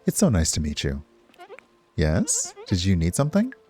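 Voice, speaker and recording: A man's voice: sits low, huge pitch swings, normal speed, mellow, soft background music. A man voicing a young woman villager in a cosy video game, sweet on the surface but selfish. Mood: sugary. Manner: sugary politeness.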